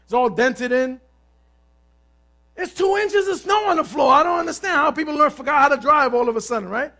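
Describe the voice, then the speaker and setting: Male pastor with a high, sharp voice. Animated storyteller who shouts for emphasis. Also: a little fast. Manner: animated storytelling, asks the crowd "amen?", bursts of shouting. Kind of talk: sermon.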